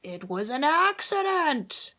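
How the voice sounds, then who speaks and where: A woman's voice: high voice, big pitch swings, takes it slowly, bright, forceful tone, voice pushed up, heavily acted. A woman voicing a big dragon that is sorry, in a children's storybook, with a raised, pleading voice. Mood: apologetic. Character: apologetic male dragon, big and gentle.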